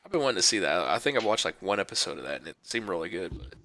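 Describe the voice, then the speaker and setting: A man's voice: deep voice, very fast, background noise. A man co-hosting a casual movie podcast, telling a story and acting out other people's lines. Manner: animated storyteller who acts out other people's voices. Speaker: podcast co-host. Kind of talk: casual chat, telling an anecdote.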